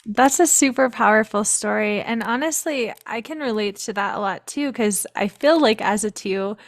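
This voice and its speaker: A woman hosting a podcast, chatting casually and relaxed with her guest and using lots of "like" fillers. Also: mid-range voice, moderate pace, dry recording, studio quality. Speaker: podcast host. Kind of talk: casual interview chat.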